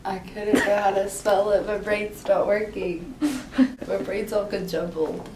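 A woman's voice: medium pitch, fairly even intonation, takes it slowly. Stuffy-nosed young woman, distant and roomy. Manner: whiny, talks about feeling sick. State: stuffy, congested voice from a cold. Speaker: vlogger's girlfriend. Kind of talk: casual chat. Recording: roomy, distant, faint background noise.

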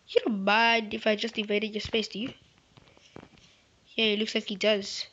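This woman runs a gaming channel and keeps up loose, playful commentary while she plays. Her medium-pitched, fairly bright voice stays level at a moderate pace with long pauses, captured in a slightly muffled recording with faint hiss.

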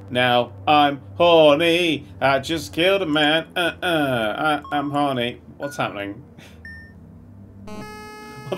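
Excitable high-pitched man streaming. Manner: excitable, swearing, laughing, sudden yelps. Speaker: streamer playing a game. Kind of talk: live gameplay commentary.

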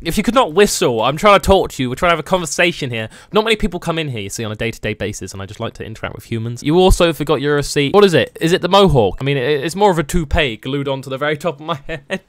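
A man's voice: on the high side, lively intonation, racing, few pauses, dry recording, studio quality. A man doing comedic let's-play commentary, sarcastic and playfully rude, bursting into mock outrage. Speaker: gaming YouTuber.

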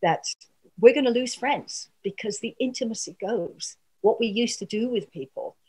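A woman's voice: on the high side, normal speed, a little mellow, breathy edge. A woman communication trainer giving an earnest, coaching workshop talk. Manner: earnest, coaching, frequent asides and laughs.

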